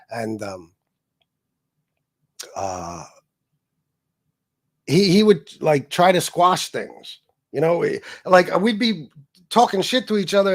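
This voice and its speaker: A man hosting a casual livestream, talking bluntly and with lots of swearing, and reading out viewer messages. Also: a little high. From Sicilian heritage. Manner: profane, blunt, reads donor messages aloud. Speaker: livestream host.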